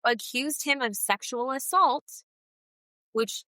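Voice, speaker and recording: Woman podcast cohost gossiping about reality tv, bright voice, dry close sound. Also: high voice, no room sound, rough recording. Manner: opinionated, fast, animated retellings. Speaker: podcast co-host. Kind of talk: casual chat recapping reality TV.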